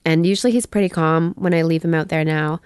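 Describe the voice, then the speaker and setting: A woman's voice: sits low, fast, clear, resonant tone, dry recording, clean studio sound. A woman from Canada telling a story in casual chat, acting out the people she quotes. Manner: storytelling, animated quoted voices, swears casually.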